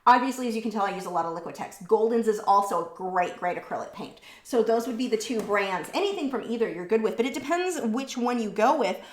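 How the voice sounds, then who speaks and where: A woman hosting a live painting stream, chatting casually and answering viewer questions, warm and talkative. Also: fairly high pitch, animated, quick pace, hardly any pauses, roomy sound. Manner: warm, chatty, easily moved, laughs between words.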